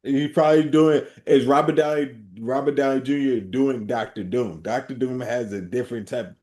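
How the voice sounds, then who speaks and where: A man co-hosts a podcast in relaxed, casual chat, his mid-range, slightly mellow voice holding fairly even intonation at a moderate pace.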